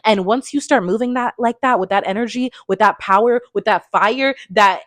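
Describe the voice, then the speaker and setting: A woman in her twenties giving an emphatic, fervent motivational talk into a phone, often tagging her points with a quick question. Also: mid-range voice, a bit bright, no echo, clean studio sound. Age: 20s. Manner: emphatic and fervent, tags lines with "okay?". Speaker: motivational speaker.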